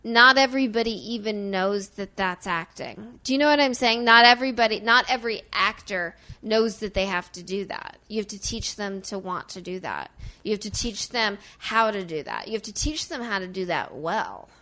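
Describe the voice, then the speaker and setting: Woman from small-town Illinois, bright, forceful tone, emphatic chatty delivery with a trained, softened regional accent. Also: mid-range voice. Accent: southern Illinois, softened by accent training. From small-town Illinois, US Midwest. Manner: animated, emphatic, rapid run-on talk with many "like"s. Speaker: actor and guest. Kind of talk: casual conversation about acting.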